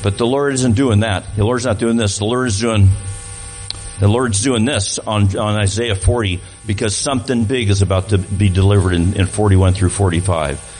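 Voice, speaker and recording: A man's voice: fairly low pitch, steady tone, normal speed, darkish tone, low-quality recording. Man giving a guest talk in church. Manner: conversational, repeats words while restarting. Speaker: guest speaker.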